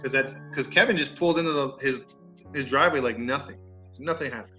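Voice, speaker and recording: A man's voice: medium pitch, fast. A man casually telling a story on a podcast, acting out the people in it and cursing mildly. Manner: animated, acts out quoted neighbors, mild cursing. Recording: dull lo-fi sound with faint music.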